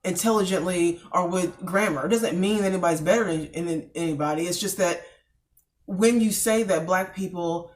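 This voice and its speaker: A woman's voice: lowish voice, normal speed, far from the mic. Woman co-host, casual chat, emphatic storyteller, voice sits back from the mic.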